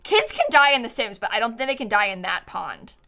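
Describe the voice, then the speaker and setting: Over some background noise, a talkative woman in her twenties giggles her way through casual chat while live-streaming a life-sim game, often dissolving into laughter. She speaks a little fast in a highish voice with lively intonation.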